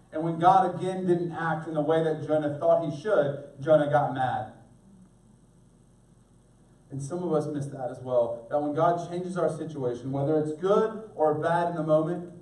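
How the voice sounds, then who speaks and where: A man's voice: on the high side, mellow. A middle-aged male pastor preaching an earnest sermon, speaking directly to his congregation. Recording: echoey room, mic at a distance.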